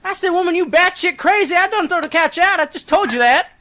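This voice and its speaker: A man's voice: extremely high pitch, expressive, brisk, pushed and bright, full character voice. A man voicing a henpecked, gambling lumberman in improvised tabletop role-play, whiny and exasperated. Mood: aggrieved.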